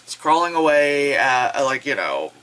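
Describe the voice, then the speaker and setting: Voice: mid-range voice, animated, moderate pace, sharp tone, low-quality recording. A reviewer recapping a horror film in a casual vlog, rambling and swearing freely and acting out the characters' lines. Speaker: movie reviewer.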